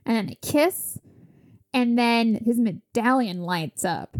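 High-voiced woman recapping a film. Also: takes it slowly. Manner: animated storytelling, acting out characters' lines. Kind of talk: casual chat recapping a movie.

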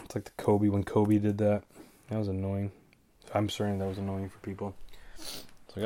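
A man's voice: fairly low pitch, completely flat delivery, normal speed, pauses often, dark tone. A man with a stuffy nose hosting a casual solo show, rambling through picks with jokey asides and stumbling over names. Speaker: podcast host giving fight picks.

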